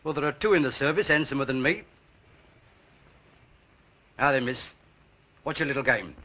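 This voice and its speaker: An actor playing a brash, blunt man who keeps a lighthouse and speaks. He talks in a gruff, wisecracking way. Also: medium pitch, moderate pace, sharp tone, lightly acted. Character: brash cocky male London lighthouse keeper. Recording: muffled 1930s film soundtrack.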